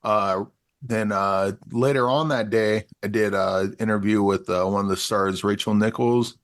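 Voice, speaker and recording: A man co-hosting a movie podcast in relaxed, casual chat, halting often with fillers. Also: fairly low pitch, no room sound, clean studio sound. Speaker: podcast co-host.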